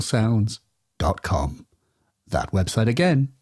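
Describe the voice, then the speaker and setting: Playful husky-voiced male podcast host. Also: sing-song, unhurried. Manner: jokey, mock-grandiose, swings pitch widely for comic emphasis. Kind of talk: playful podcast intro and sponsor read.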